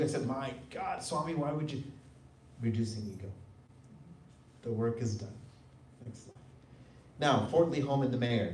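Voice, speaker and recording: A middle-aged man tells a personal story to a gathering, bringing it to life with playful voices for the people he quotes. His tone is mellow and soft-edged. He sounds set back from the mic in a roomy hall, with a faint hum of room noise behind him. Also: medium pitch, recorded from a distance. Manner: animated storyteller, mimics voices when quoting. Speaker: devotional speaker. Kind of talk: personal testimony talk. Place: hall at a spiritual center.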